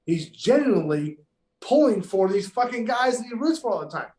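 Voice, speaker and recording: A man's voice: high-pitched, big pitch swings, moderate pace, darkish tone, a little hiss or hum. A man, a professional golfer, telling stories in casual podcast chat, emphatic and heavily profane. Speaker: pro golfer guest. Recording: echoey room.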